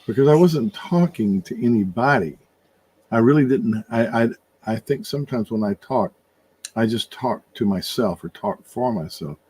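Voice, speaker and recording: An older man in casual conversation, thinking out loud in a rambling way, with many restarts and fillers. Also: mid-range voice, expressive, normal speed, husky. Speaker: podcast co-host. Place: room with his wife nearby.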